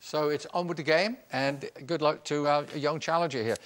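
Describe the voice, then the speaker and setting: A man's voice: a little high, steady tone, normal speed, a bit bright. A man hosting a TV game show in a studio, joking and teasing guests in a chatty, jovial way. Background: studio audience.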